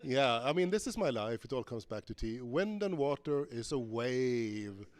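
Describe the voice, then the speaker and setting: A man's voice: medium pitch, very animated, moderate pace. Man giving a rambling conference talk. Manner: playful, thinking aloud with many fillers. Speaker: conference speaker. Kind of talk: live conference talk with game demo.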